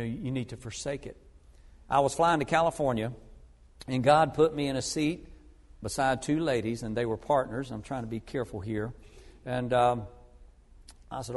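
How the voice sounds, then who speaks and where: A man preaching a sermon as an evangelist, telling stories earnestly and moving between loud emphasis and hushed asides. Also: mid-range voice, moderate pace, long pauses. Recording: long reverb of a large hall.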